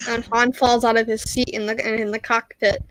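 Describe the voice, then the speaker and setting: A woman's voice: fairly high pitch, flat delivery, moderate pace, a bit bright, no room sound, rough recording. A woman co-hosting a podcast in casual, playful chat, often laughing. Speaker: podcast co-host.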